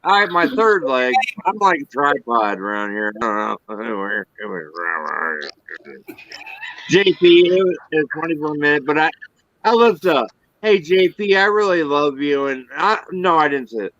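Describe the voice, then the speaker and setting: A man's voice: fairly high pitch, sing-song, a little slow, a bit bright. Profane joking man on a livestream. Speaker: livestream co-host. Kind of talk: crude casual banter. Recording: dull lo-fi stream audio.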